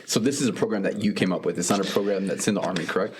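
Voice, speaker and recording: A man co-hosting a podcast, asking a guest brisk, direct questions. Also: sits low, background noise. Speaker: podcast co-host. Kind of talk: interview questions.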